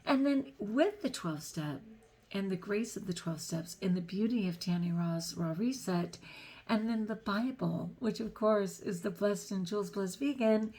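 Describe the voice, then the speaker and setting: A woman's voice: mid-range voice, moderate pace, warm tone, husky. Chatty middle-aged woman vlogging. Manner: chatty, self-deprecating, laughs between thoughts; earnest, faith-filled reflection. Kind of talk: personal reflective vlog.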